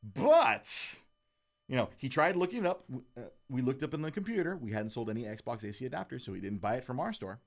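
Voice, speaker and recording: A man hosting a radio show, telling a workplace story in a lively, animated way and acting out the dialogue. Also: a little fast. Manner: lively, acts out dialogue with big pitch jumps.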